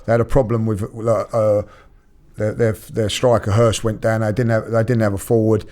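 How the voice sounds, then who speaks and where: A man, co-hosting a football podcast, telling stories in a halting, rambling way full of fillers. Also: fairly low pitch, flat delivery, warm tone. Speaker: podcast co-host. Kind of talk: casual football chat.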